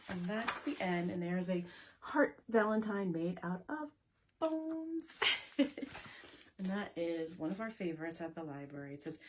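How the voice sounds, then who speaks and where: A woman librarian hosts story time for young children, reading picture books and rhymes aloud. Her delivery is slow, animated and sing-song, with frequent questions to her young listeners. A faint hiss sits under the voice. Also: medium pitch.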